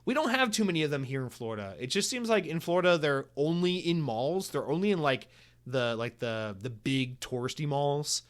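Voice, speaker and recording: A man's voice: a little high, expressive, normal speed. A young man from the United States hosting a solo podcast, rambling in casual chat and swearing often. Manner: rambling, swears a lot, many restarts. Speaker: podcast host.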